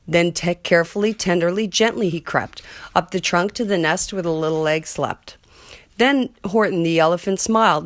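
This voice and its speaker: Woman reading a rhyming story, low and dry. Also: normal speed, no echo. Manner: rhythmic, rhyming read-aloud. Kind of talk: reading a children's picture book aloud.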